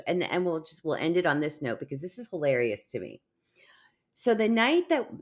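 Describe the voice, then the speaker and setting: A middle-aged woman runs a casual live-stream chat, wandering through stories and laughing as she goes. She has a fairly low pitch with a slightly bright tone.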